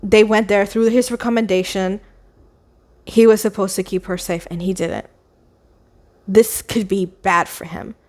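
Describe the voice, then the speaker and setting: A woman's voice: medium pitch, fairly even intonation, measured pace, long pauses, darkish tone. A woman retelling a novel's plot in a casual, chatty ramble, with sarcastic asides. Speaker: book vlogger.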